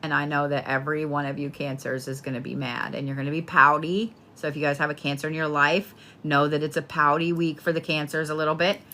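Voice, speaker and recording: A woman's voice: sits low, level tone, fast talker, hardly any pauses, pushed and bright. A woman giving a casual spoken horoscope reading, talking bluntly and playfully with plenty of swearing. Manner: blunt, profane, chatty, playful. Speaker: tarot and astrology reader.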